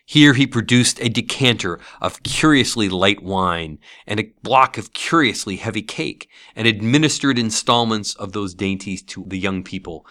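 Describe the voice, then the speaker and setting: A man reading a classic novel aloud as an audiobook, with expressive storytelling. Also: on the low side, moderate pace, few pauses, no echo, studio quality. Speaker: narrator.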